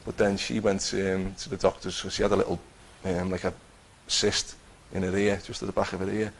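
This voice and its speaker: Middle-aged man, personal testimony, gravelly low voice, flat delivery, faint background noise. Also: low-quality recording. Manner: earnest, halting storytelling with many restarts. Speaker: Christian teacher giving testimony.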